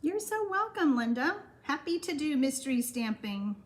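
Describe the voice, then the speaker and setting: An older woman with a Texan accent leads a live-streamed card-making class and chats easily between the steps. Her voice sits a little high for a woman. She reads out viewers' comments and answers each one directly. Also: sing-song, moderate pace. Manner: chatty, reads viewer comments aloud and answers them warmly.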